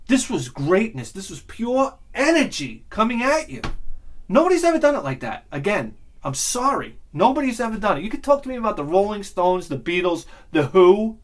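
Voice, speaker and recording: Excitable, swearing male vlogger. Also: sits high. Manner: excitable and profane, swinging between loud outbursts and muttering. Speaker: music and audio vlogger. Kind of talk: rambling enthusiastic monologue.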